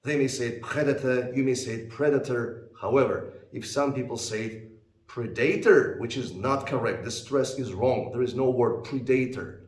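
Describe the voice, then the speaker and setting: A man's voice: mid-range voice, normal speed, a little mellow, roomy sound. A man teaching English test preparation, explaining with patient, plain speech and repeating example words. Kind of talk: explanatory lesson.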